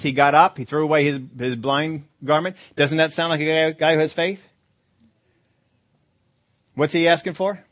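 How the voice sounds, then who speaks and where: Man, preacher, sermon, emphatic, swings loud and soft, dry recording. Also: fairly high pitch, dry recording. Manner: emphatic, rising to loud stresses and dropping to soft endings. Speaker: pastor.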